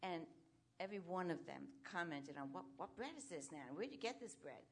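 A woman's voice: fairly low pitch, expressive, a little fast. A woman from the audience telling a chatty anecdote. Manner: chatty storyteller. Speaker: audience member.

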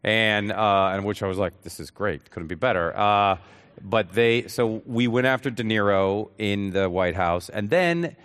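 A man's voice: fairly low pitch, fairly bright tone, clear, resonant tone. Man telling a rambling comic story. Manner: fast comic storytelling with laughs. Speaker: comedian guest. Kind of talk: casual talk show anecdote.

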